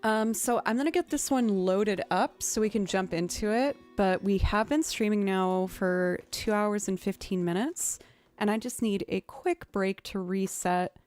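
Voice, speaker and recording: A woman streamer chatting casually with her viewers between songs, thanking them and filling pauses with "um". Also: medium pitch, a little mellow, soft background music. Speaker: streamer and musician. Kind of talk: casual live-stream chat.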